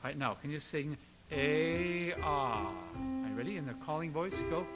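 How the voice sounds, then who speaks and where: A man teaching a singing lesson, coaching a student with lively encouragement and sung demonstrations. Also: on the high side, a little fast, over loud music, low-quality recording.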